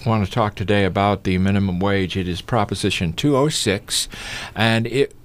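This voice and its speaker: Low-voiced man hosting a radio talk show. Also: normal speed. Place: radio studio.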